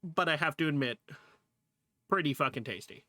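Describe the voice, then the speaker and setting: A man's voice: on the high side, expressive, moderate pace, sharp tone, no room sound. A male streamer chatting casually to viewers while reacting to a video, laughing often, swearing freely and exclaiming at what he sees. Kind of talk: casual livestream reaction chat.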